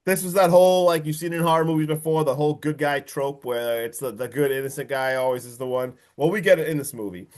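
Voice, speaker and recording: A man with a slightly high voice talks through a horror film's plot on a casual podcast. He gets worked up, swears freely and slips into quick impressions of the characters. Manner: excitable, swears, acts out quotes from the film. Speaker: podcast host. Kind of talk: casual film recap.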